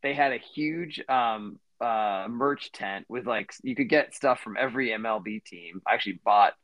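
A man's voice: lowish voice, moderate pace, fairly bright tone, no room sound. A man in his thirties co-hosting a podcast, telling a long story in a rambling way with lots of fillers and restarts. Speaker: podcast co-host. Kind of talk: casual storytelling chat.

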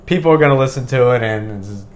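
A middle-aged man hosting a casual podcast, talking in a relaxed, rambling way and swearing now and then. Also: mid-range voice, quick pace. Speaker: podcast host. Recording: faint background hiss.

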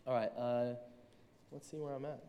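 A man, a school reading teacher, giving a sermon to a room and reading scripture slowly and deliberately. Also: medium pitch, level tone, lo-fi sound. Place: room with an audience. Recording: long reverb from a large room.

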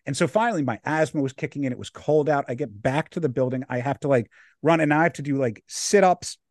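Telling a story at a quick pace, this young co-host of a podcast keeps the chat casual, laughing and animatedly playing the characters involved. His pitch is medium, and the clean studio recording has no room sound.

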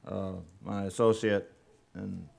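A man giving a sermon as a guest preacher, unhurried and halting, with frequent pauses and fillers. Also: sits low, flat delivery, vocal fry, darkish tone.

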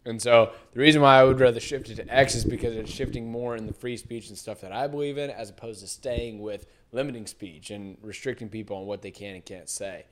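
A man's voice: mid-range voice, steady tone, brisk, hardly any pauses. A man hosting a podcast, chatting in a rambling way, often trailing off and laughing. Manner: rambling, laughs often, says dude and I don't know. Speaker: podcast host. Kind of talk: casual chat.

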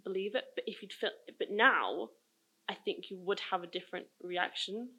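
A woman's voice: mid-range voice, normal speed, pushed and bright, slightly rough. A woman who grew up in the countryside, chatting about a film in a casual group discussion, her speech full of "like" fillers.

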